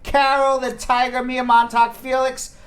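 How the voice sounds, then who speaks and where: A man's voice: very high voice, flat delivery, measured pace, fairly bright tone. A man with a Long Island New York accent hosting a casual live talk show, upbeat as he reads out viewer names and greetings. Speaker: host.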